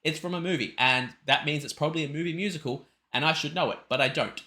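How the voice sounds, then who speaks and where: A man hosting a music reaction video, excitable and rambling, often restarting his sentences. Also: on the high side, fast talker. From Australia. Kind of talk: casual reaction commentary.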